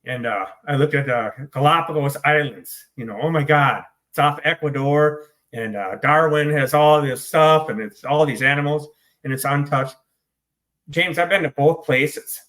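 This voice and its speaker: Blunt, bright-voiced American man in recovery. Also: on the high side, normal speed. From United States. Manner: blunt, swearing, self-deprecating. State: choked up. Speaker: interview guest, author in recovery. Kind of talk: candid interview storytelling.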